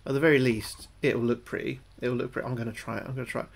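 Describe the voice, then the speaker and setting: A British man streaming a game live, talking through each move, often repeating himself, thanking his viewers and getting jumpy and loud when spooked. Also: medium pitch, fairly even intonation, rapid-fire, vocal fry. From United Kingdom. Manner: chatty, repeats his own phrases, thanks viewers between moves. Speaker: gaming livestreamer. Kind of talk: live gameplay commentary.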